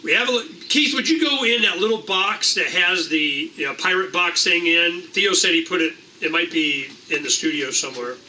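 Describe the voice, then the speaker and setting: Brief: middle-aged man, meeting host, rambling and irreverent, high bright voice, picked up from across the room. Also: expressive, normal speed, hardly any pauses. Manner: rambling, irreverent, swears casually. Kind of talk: animated casual talk to a room. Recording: distant mic in a room, faint noise.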